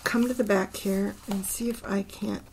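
A woman hosting a casual poetry talk, thinking aloud, unhurried with fillers. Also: mid-range voice, fairly even intonation, creaky, a little hiss or hum. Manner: thinking aloud, murmuring syllable counts under her breath. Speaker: poetry channel host. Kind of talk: casual talk about poems, reading aloud.

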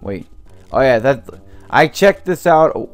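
A young man commenting on a video game as he plays, ranting angrily about his family and swearing, his throat sore from yelling. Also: medium pitch, very animated, slow, soft background music. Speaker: let's play host. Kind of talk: gameplay commentary.

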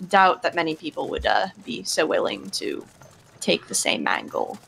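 A woman speaking in character during a tabletop game, measured and deliberate. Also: low voice, wildly swooping pitch, creaky, fairly bright tone, slight background noise, rough recording. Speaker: player.

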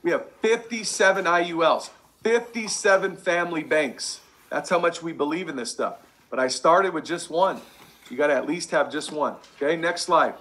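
Male sales coach, high bright voice, pumped-up and punchy, hammers phrases twice. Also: moderate pace. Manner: fired-up, emphatic, repeats key lines. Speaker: sales trainer presenting slides. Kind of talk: motivational sales training talk.

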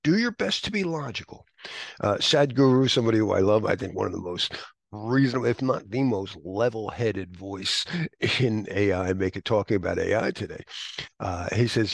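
A man's voice: on the low side, expressive, moderate pace, vocal fry, no room sound. A man teaching an exam prep class in a chatty, anecdotal lecture style, often laughing.

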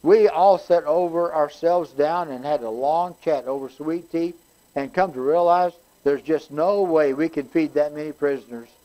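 A man's voice: a little high, normal speed, dark tone, close to an everyday voice, poor audio. A man voicing a folksy small-town Southern caller with a Southern accent, drawling and plainspoken while reading a joke aloud.

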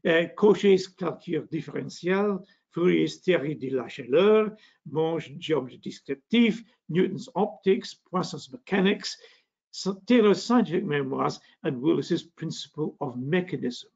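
A man's voice: fairly high pitch, expressive, unhurried, vocal fry, a little mellow, slightly rough, dull audio. An older man with a northeast Scottish accent giving a public science lecture, genial, with frequent fillers and restarts. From Scotland. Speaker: physics lecturer.

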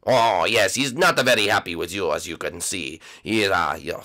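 A man voicing a gruff turtle creature friend in a low, mumbling voice with stammers, in a Minecraft role-play. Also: moderate pace, pushed and bright. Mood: grumbling.

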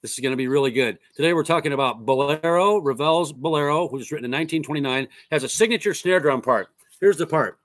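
A man's voice: a little high, quick pace, a bit bright, no echo. A man teaching a casual drum lesson, explaining parts in a loose, plain way and counting rhythms aloud.

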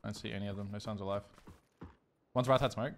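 A man streaming a battle game, giving quick callouts to his squad. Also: fairly low pitch, steady tone. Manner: rapid tactical callouts, laid-back laughs. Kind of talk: gaming callouts. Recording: loud gunfire over the voice.

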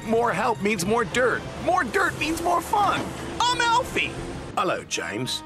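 A man's voice: extremely high pitch, wildly swooping pitch, slow, over music, full character voice. A man narrating a children's TV story and doing exaggerated, cartoonish character voices.

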